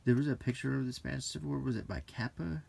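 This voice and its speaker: A man from the United States softly reading aloud from an old magazine and musing in asides, in a soft-spoken unintentional ASMR style. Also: mid-range voice, quick pace, vocal fry, slight background noise. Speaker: host flipping through an old magazine.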